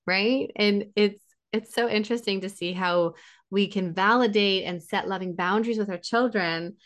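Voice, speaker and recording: Animated woman explaining relationship advice. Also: mid-range voice, moderate pace. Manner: animated, acts out quoted partners, laughs often. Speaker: relationship expert guest. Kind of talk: conversational advice on a podcast.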